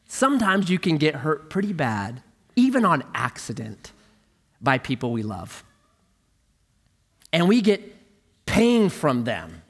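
A middle-aged male pastor preaching a sermon, telling a humorous story in an animated way. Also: fairly high pitch, slow, pauses often, breathy edge.

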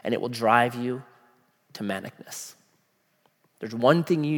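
A man preaching a sermon in a casual, animated way, using slang and asking the listeners questions. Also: medium pitch, measured pace. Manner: animated, acts out voices of people in the story. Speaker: pastor. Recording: long hall reverb.

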